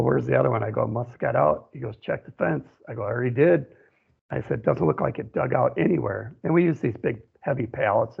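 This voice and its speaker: A radio guest from central Wisconsin recounts a personal story in a medium-pitched, gravelly, husky voice, wandering and returning with "you know." The audio is thin and phone-like.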